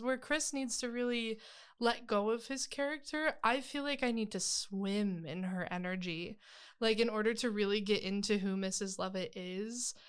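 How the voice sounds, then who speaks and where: A woman's voice: on the high side, smooth. A young woman stage actor chatting in an interview, rambling and laughing easily. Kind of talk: casual interview chat.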